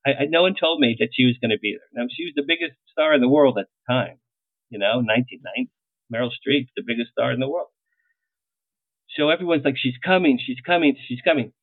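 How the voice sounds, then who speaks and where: A middle-aged publicist tells animated stories in an interview, acting out the lines of the people he quotes. His ordinary-pitched voice comes through a tinny, phone-like line that is dry, with no room sound or echo.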